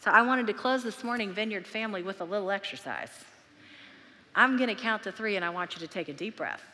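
A woman pastor preaching to her church, earnest and emphatic, leaning into key words and drawing them out slowly. Her voice is bright and forceful. It rings out with the long reverb of a large hall. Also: medium pitch, expressive, slight background noise. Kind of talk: sermon.

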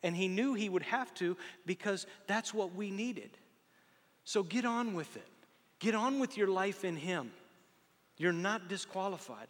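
A man preaching a sermon, conversational and animated, full of rhetorical questions and joking asides. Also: sits high, a little slow, long reverb tail. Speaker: pastor.

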